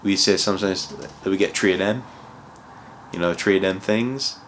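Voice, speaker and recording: Deep-voiced man rambling through career tips. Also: normal speed, fairly bright tone, slight background noise. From outside England, moved there. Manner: rambling, full of restarts and "you know". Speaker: cloud consultant giving career advice. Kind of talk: casual advice vlog.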